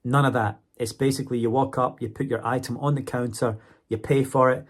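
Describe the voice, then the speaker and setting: A vlogger who teaches English chats casually with his viewers at a fairly quick clip, his medium-pitched voice steady. He keeps checking in with "okay?" and "right?"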